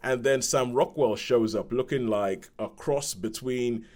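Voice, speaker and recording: Man, podcast film reviewer, casual rambling chat, animated retelling, mid-pitched voice. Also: a little slow.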